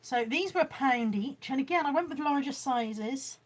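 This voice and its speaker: A woman's voice: high-pitched, lively intonation, normal speed. A woman chatting casually on a live stream at home, showing her haul and reading out viewer comments. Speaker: vlogger. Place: room at home.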